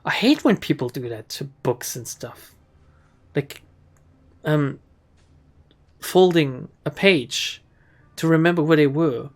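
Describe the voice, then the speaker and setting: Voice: medium pitch, lively intonation, slow pace, long pauses. A let's play streamer making chatty, joking asides while reading through a game. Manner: chatty asides, laughs, swears. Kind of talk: casual game commentary.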